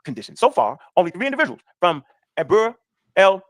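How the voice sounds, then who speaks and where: A man's voice: high-pitched, no echo. A man reading an article aloud and riffing on it in casual reaction commentary. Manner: rapid, animated, reads aloud and riffs.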